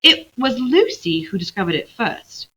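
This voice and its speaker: A boy who talks fast and eagerly, a little embarrassed, as a woman puts him on. The voice is bright and lively. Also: on the high side, husky, dull audio, voice pushed up, exaggerated voice. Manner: quick, eager.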